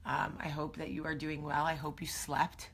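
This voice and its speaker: A woman's voice: deep voice, monotone, moderate pace, creaky, slight background noise. A woman in her thirties hosting a casual morning chat to camera, chatty and emphatic with many fillers and asides. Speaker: host.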